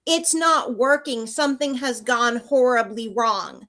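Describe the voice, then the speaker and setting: Bright-voiced, earnest female guest. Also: fairly high pitch, measured pace. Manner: earnest, restarts her sentences, often asks "right?". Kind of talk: casual live-stream chat.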